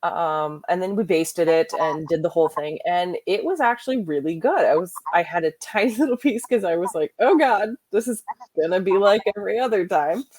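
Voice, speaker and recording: Woman guest, lowish voice, relaxed storyteller, dry mic. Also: brisk, no echo. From Canada. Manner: relaxed storyteller, laughs at own stories. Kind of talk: casual chat, storytelling.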